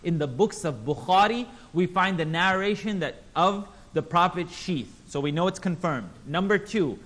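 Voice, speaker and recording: Guy teaching a religious class, kinda high voice, animated, does little voices and quizzes the crowd. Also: normal speed. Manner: animated, acts out quotes in voices; engages audience with questions. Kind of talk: Islamic class lecture.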